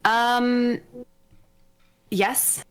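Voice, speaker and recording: A woman's voice: on the high side, steady tone, clean tone. A woman playing a tabletop game, talking in character in a playful, flamboyant way. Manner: playful, flamboyant, drawn-out phrasing. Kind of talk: in-character role-play chat.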